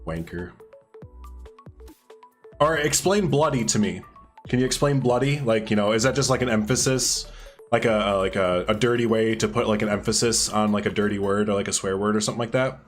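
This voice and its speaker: A man's voice: fairly low pitch, quick pace, soft background music. A man streaming live, chatting casually with viewers as he builds, rambling and laughing often while answering their messages.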